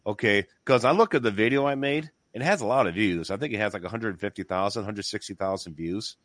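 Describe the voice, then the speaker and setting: A man hosting a casual religious discussion, talking in an excited, emphatic, rambling way with many restarts. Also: on the low side, quick pace, no echo, studio quality.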